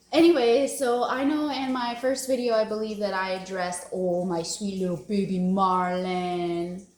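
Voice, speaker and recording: A woman's voice: medium pitch, roomy sound, slight background noise. A woman, talking in a casual, emotional, rambling confessional vlog and laughing often. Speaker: wellness vlogger.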